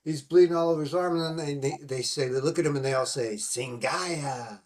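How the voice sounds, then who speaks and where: A man's voice: fairly high pitch, steady tone, quick pace, a little mellow. A man hosting a podcast, recapping a film in a rambling, casual way, swearing freely and using many fillers. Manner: rambling and profane, full of fillers. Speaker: podcast host.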